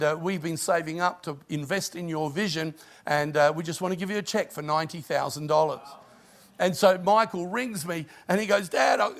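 Gravelly man preaching. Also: a little high. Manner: preaching with rising emphasis and storytelling. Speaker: pastor. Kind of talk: sermon.

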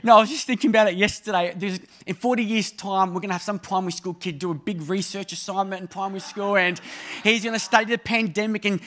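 High-voiced man preaching with humor. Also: steady tone, quick pace, slight background noise. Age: 30s. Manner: conversational and humorous, with sudden emphatic rises and soft drops. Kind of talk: sermon.

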